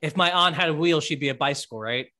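A man's voice: on the high side, fast. A man co-hosting a sports podcast in casual chat, emphatic and repeating his points. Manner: animated, emphatic, repeats himself. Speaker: podcast co-host.

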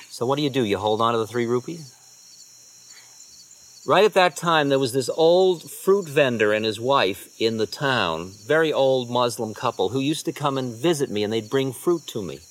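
A man giving a storytelling talk as a spiritual teacher, relaxed and conversational, often dropping into quiet asides. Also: medium pitch, a little hiss or hum.

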